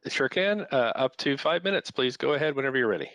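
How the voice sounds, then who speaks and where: A man chairing a council meeting, calling speakers politely and briskly, with frequent fillers. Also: medium pitch, expressive, a bit bright, no room sound.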